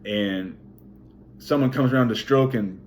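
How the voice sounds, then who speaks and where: A young man, a triathlete, recapping his race to camera at home in his kitchen, telling it in a profane, animated way with sound effects. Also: mid-range voice, a little slow, slight background noise. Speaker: vlogger, triathlete.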